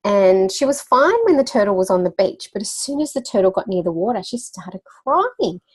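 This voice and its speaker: A woman's voice: mid-range voice, big pitch swings, moderate pace, darkish tone, breathy edge. A woman guest in a casual interview, talking as a children's wellbeing coach with a chatty storyteller's manner, laughing now and then and using lots of fillers. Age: adult parent.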